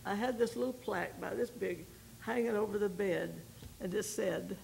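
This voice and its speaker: An older woman, a missionary, giving a folksy personal testimony to a women's group, telling her story with pauses and repeated starts. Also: mid-range voice, creaky, darkish tone, slight background noise, low-quality recording. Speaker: missionary speaker.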